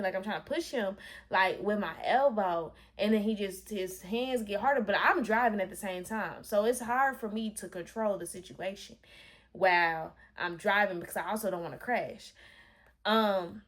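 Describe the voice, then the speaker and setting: A woman's voice: mid-range voice, a bit bright. Candid young woman telling a story. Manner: candid, emphatic, profane, addresses viewers as y'all. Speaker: storytime vlogger. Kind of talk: casual storytelling to camera. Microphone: camera facing the speaker.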